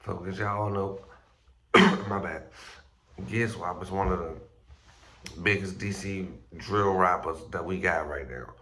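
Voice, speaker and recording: Very deep, gravelly male vlogger. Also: unhurried, long pauses, bright, forceful tone. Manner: loose, slangy and profane, with stumbles and restarts. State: groggy, just woke up. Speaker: street news blogger host. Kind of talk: casual vlog commentary.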